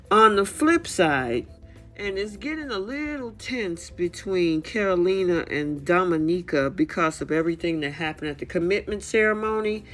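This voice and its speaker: A woman's voice: low voice, fairly bright tone. A woman hosting a casual reality TV recap, chatty and opinionated, with many fillers.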